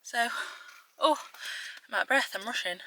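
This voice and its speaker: A woman's voice: fairly high pitch, normal speed, pushed and bright, a little hiss or hum, rough recording. A young woman, chatting casually to camera in her vlog, upbeat and a bit breathless. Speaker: vlogger.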